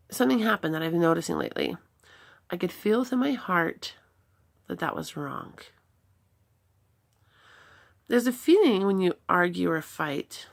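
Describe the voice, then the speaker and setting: A middle-aged woman speaking earnestly about parenting, reflecting on arguments with her son and demonstrating gentle replies. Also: fairly low pitch, gravelly. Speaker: parenting talk host. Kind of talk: personal advice talk.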